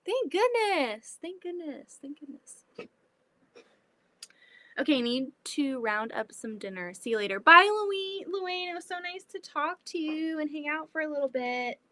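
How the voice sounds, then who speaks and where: A woman hosting a casual livestream while she sews, chatty and animated, often breaking into exclamations. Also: high voice, normal speed, hardly any pauses. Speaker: livestream host. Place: home sewing room.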